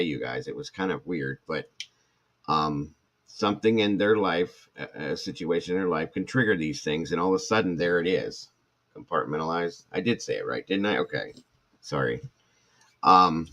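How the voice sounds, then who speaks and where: A man's voice: sits low, fairly bright tone. A middle-aged man, a former firefighter and paramedic, talking candidly to viewers in a rambling way, full of restarts and asides. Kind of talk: casual talk to viewers.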